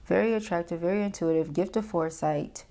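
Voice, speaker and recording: A woman talks through a tarot reading in a relaxed, chatty way, full of slang and quick asides. Her voice is low and mellow, with a faint hiss of noise under it. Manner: chatty, slangy, asks "okay?" often. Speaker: tarot reader.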